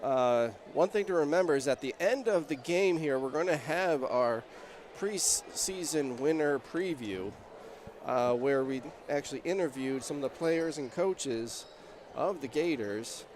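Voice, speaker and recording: A man calling a local high school basketball game play-by-play, chatty and getting louder on big plays. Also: animated, a little slow, slight background noise. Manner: chatty, rises in pitch and volume on big plays. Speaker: play-by-play announcer. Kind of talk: play-by-play commentary.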